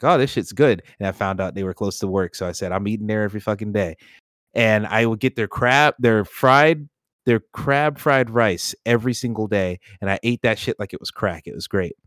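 A man with a fairly low voice hosts a laid-back gaming podcast. He talks loosely and swears freely while steering the group through its rankings. His voice sounds dry and close to the mic. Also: fairly bright tone, smooth, no room sound. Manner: loose, profane, runs the ranking discussion. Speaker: podcast host. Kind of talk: casual gaming podcast chat.

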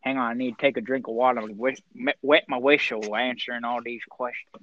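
A man's voice: medium pitch, steady tone, brisk, a bit bright. A young man with a rural Pennsylvania accent, co-hosting a podcast and answering questions in a boastful, teasing redneck act. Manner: exaggerated redneck bravado, teasing. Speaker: podcast co-host. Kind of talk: joking in-character interview. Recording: dull lo-fi recording.

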